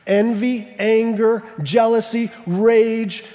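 A man preaching a sermon in a church, emphatic, slowing down to stress key words. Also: high voice, little pitch movement, mellow, long reverb tail. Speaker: pastor. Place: church sanctuary.

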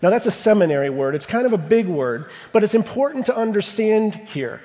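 A man preaching a sermon in a church, emphatic, slowing down to stress key words. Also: high voice, very animated, mellow, big-room sound. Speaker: pastor. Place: church sanctuary.

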